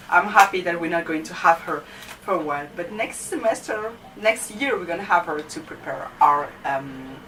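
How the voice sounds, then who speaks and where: Young female student vlogger, low-pitched and chatty, set back from the mic. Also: a bit bright. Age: young adult. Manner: chatty, many fillers like "you know" and "like". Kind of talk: casual storytelling chat. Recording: distant mic with faint background noise.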